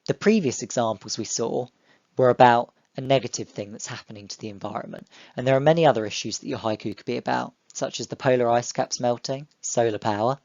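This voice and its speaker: A young man, teaching an online lesson to primary school children in a clear, encouraging way. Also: medium pitch, a little mellow, dry recording, dull audio. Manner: clear, encouraging, speaks to pupils directly.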